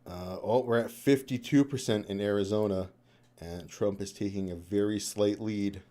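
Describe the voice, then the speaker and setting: A young man with a low, mellow voice chats loosely on a live stream. He rambles, swears freely and laughs between thoughts. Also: moderate pace. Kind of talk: casual live-stream chat. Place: home room.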